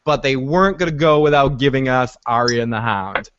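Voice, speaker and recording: A man co-hosting a podcast, recapping a TV episode in animated, casual chat, swearing freely. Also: mid-range voice, brisk, highs cut off, a little hiss or hum. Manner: animated, retells scenes with frequent swearing. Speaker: podcast co-host.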